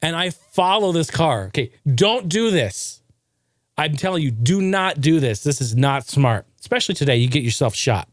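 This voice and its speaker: Excitable man telling a story, dry close mic. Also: fairly high pitch, normal speed, no echo. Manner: energetic, rambling, swears casually. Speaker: podcast host. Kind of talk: casual storytelling monologue.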